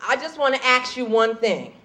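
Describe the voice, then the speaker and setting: A woman's voice: high-pitched, lively intonation, heavy background noise. A woman doing a slangy, insistent young fan. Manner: quick, quiet, slangy.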